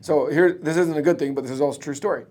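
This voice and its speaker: A slightly high, steady, somewhat mellow male voice races along. He's a roofing business owner and coach appearing as a podcast guest, blunt, emphatic, and swearing freely in casual conversation.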